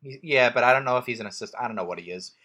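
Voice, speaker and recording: A man's voice: medium pitch, very fast, sharp tone. A man casually recapping a film on a podcast, rambling and joking, with lots of "um"s and restarts. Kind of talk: casual chat.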